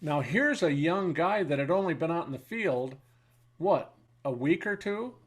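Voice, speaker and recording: A man in his seventies, a veteran interviewee telling war stories in a halting way, with pauses and fillers, then blunt and wry. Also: on the high side, animated. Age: 70s. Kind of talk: reflective war storytelling.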